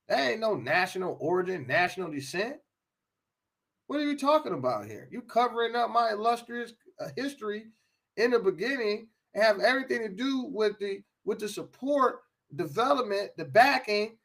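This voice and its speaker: A man's voice: high-pitched, creaky, fairly bright tone. An American man giving an impassioned talk, emphatic, often repeating and restarting his phrases. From United States.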